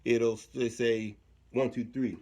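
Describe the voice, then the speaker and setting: A man's voice: mid-range voice, flat delivery, unhurried, darkish tone. A man talking casually through a hands-on equipment demo, thinking aloud and trailing off mid-sentence. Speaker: equipment demonstrator.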